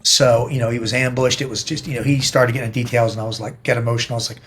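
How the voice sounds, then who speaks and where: A man's voice: mid-range voice, little pitch movement, fast, a bit bright, slightly rough. Middle-aged guy on a podcast, blunt and sweary, tells stories with lots of punch. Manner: blunt, profane, emphatic storytelling. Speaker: podcast guest. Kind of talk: casual interview talk.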